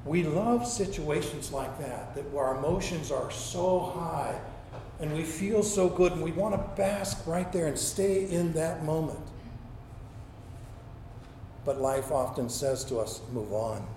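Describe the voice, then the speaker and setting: A male pastor with a fairly high voice delivers a storytelling sermon. He acts out quoted lines and stumbles into repeated words. The room around him is echoey, with faint ambient noise underneath. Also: a little slow, mellow.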